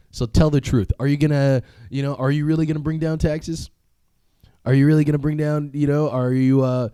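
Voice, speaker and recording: A man's voice: mid-range voice, warm tone, no room sound. A young man hosting a solo podcast, talking casually in a profane, rambling way, with frequent laughs and filler words. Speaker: podcast host.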